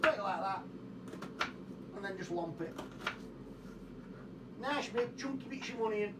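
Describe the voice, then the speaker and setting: A man's voice: sits high, expressive, unhurried, very noisy. A man talks casually through a home cooking demonstration. He is chatty, swears freely and pokes fun at himself. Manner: chatty, sweary and self-mocking. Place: home kitchen. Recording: roomy, distant kitchen sound.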